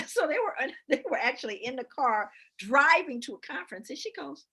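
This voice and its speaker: A middle-aged woman speaker and educator in lively conversational talk, telling stories with frequent laughter and reading aloud from books with emphasis. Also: high voice, brisk, hardly any pauses. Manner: animated storyteller who laughs often.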